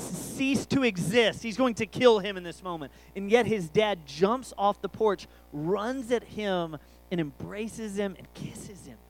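A man's voice: high voice, a bit bright, poor audio. A man, preaching a sermon through a rambling, jokey family story.

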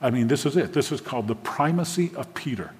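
A man's voice: mid-range voice, lively intonation, fast talker. A man, a pastor preaching a sermon to a congregation, engaging them with questions. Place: church sanctuary with a congregation. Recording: long hall reverb from a church.

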